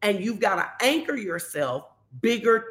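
A woman pastor, giving a conversational sermon and telling stories lively, acting out the quotes. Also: medium pitch, moderate pace. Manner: animated storytelling, acts out quotes.

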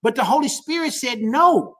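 A woman pastor preaching a sermon with passion, repeating key lines and rising to shouts at the high points. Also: animated, normal speed.

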